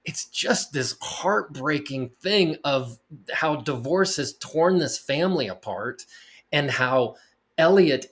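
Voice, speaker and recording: A man's voice: mid-range voice, fairly bright tone. A middle-aged man co-hosting a movie review podcast, retelling scenes with energy and acting out the lines. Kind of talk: casual film discussion.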